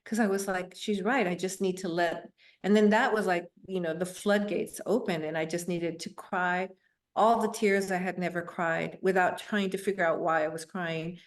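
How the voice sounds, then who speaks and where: A middle-aged woman, a guest on a show, telling her personal story in an earnest, reflective way, with soft laughs and fillers. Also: fairly low pitch, steady tone, moderate pace.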